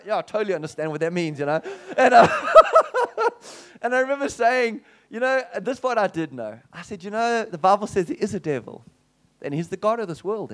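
High-voiced man preaching with animated stories. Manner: animated, acts out the people in his stories. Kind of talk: storytelling sermon.

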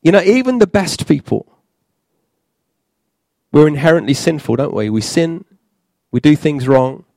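Halting male preacher, dry close sound. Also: fairly high pitch, animated, creaky, warm tone, no echo. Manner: halting, with many fillers and restarts. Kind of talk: sermon.

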